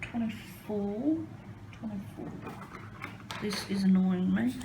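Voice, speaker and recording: A woman's voice: medium pitch, takes it slowly, noisy background. A woman chatting casually while crafting at home, rambling and hesitant with many ums. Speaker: crafting vlogger.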